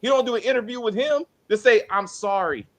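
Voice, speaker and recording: A man's voice: very high voice, fast, over a noisy crowd. A man co-hosting a spoiler review of a TV show, ranting in exasperated, profane casual chat.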